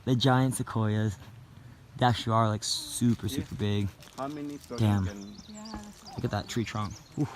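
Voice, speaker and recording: A man's voice: lowish voice, fairly even intonation, unhurried, pauses often, a crowd in the background. A young man vlogging casually on a forest trail, joking like a tour guide. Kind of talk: casual travel vlog.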